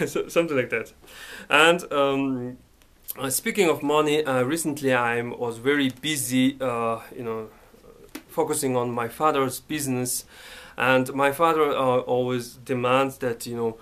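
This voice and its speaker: A man's voice: medium pitch, moderate pace, fairly bright tone. A man from Mongolia, talking casually to camera in his bedroom, hesitant and full of fillers. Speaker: vlogger. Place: his bedroom, sitting by the bed.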